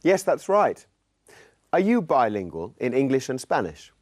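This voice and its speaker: A man co-presenting a scripted English lesson in a friendly, clear, instructive tone. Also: mid-range voice, big pitch swings, a little slow, darkish tone.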